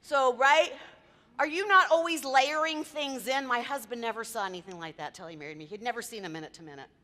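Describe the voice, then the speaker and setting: Fairly quick and high-voiced, this bright woman presenter is an event planner addressing a live audience in a meeting room. Her lively, chatty talk mixes audience quizzes with anecdotes, and the recording has a reverberant hall sound.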